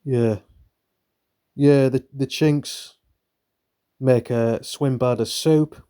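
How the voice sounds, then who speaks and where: A man's voice: mid-range voice, fairly even intonation, slow pace, dark tone, clear, resonant tone. A young man, reading a book aloud and breaking off for rambling, irreverent, swearing asides. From northern Britain. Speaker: channel host reading a book. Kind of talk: reading aloud with offhand commentary.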